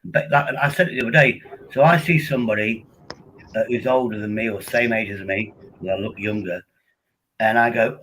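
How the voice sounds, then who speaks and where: A man's voice: mid-range voice, a little fast, fairly bright tone, slight background noise, low-quality recording. A drunk man with an East Midlands accent rambling through a casual vlog chat. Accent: East Midlands English. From Derbyshire, England. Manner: rambling, slurred, repeats himself. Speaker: vlogger.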